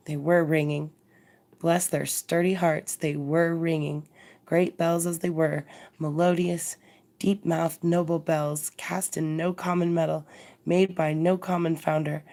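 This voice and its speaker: A woman narrating a classic story aloud as a bedtime reading, measured and expressive. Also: low-pitched.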